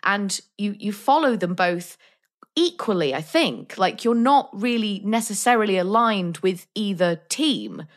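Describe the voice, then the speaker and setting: A woman chats openly about a film with her co-host, speaking at a mid pitch. Her talk is loose and frank, peppered with "like" and small restarts. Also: expressive, a little slow. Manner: chatty, frank, uses "like" a lot. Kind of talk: casual film discussion.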